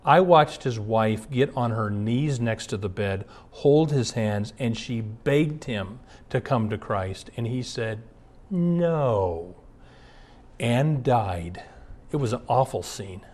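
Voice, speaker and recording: A man's voice: medium pitch, slow, a little mellow. A man, a pastor, giving an earnest sermon built around personal stories, reading passages aloud and then recounting anecdotes from his ministry. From Twin Cities area.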